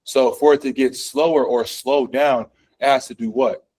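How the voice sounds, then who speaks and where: A man's voice: mid-range voice, steady tone, moderate pace, darkish tone, poor audio. Casual male physics teacher quizzing class. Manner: conversational, lots of fillers, asks the class questions. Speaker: physics instructor. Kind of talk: classroom lecture. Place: classroom, also streamed online.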